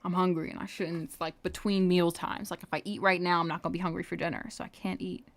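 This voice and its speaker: Young woman, lowish voice, casual rambling chat, mutters while drawing, swears casually, livestream. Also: level tone, fast talker. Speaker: animation livestreamer.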